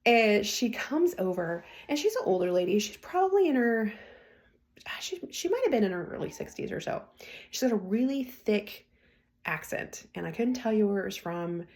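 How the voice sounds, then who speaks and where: Expressive and a little mellow, a woman with a mid-range voice hosts a podcast at a moderate pace. Her casual storytelling is chatty, full of laughter and acted-out dialogue.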